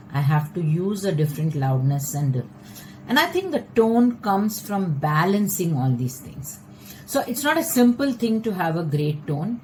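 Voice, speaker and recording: Woman vocal coach, teaching a lesson, measured and patient, fairly low voice, faint background hum. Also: darkish tone, poor audio.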